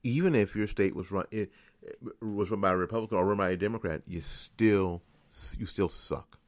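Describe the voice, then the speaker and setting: Deep-voiced man ranting angrily. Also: moderate pace, no echo. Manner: angry, ranting, repetitive. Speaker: radio host. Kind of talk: political commentary monologue.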